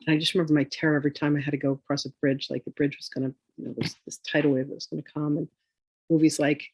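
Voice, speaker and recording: A woman's voice: deep voice, level tone, rapid-fire, darkish tone, breathy edge, no echo. A woman spiritual teacher in a casual chat, telling rambling, chatty stories.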